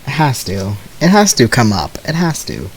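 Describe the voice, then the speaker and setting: Gameplay commentary from a young man who rambles through embarrassing anecdotes at his own expense, laughing nervously as he goes. His medium-pitched voice swoops wildly at a normal speed. The rough recording carries a little hiss or hum.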